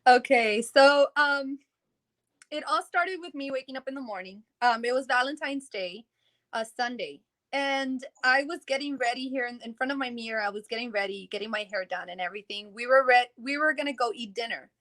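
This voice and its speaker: In a casual interview, a woman rambles through her story, acting out what people said and laughing in between. Her voice is fairly high, brisk and fairly bright in tone.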